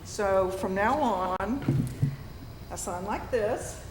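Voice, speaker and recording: A woman's voice: medium pitch, extremely slow. Chatty woman at a council meeting. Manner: chatty, affectionate, laughs often. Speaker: city council member, former news anchor. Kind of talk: formal meeting remarks. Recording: noisy meeting chamber.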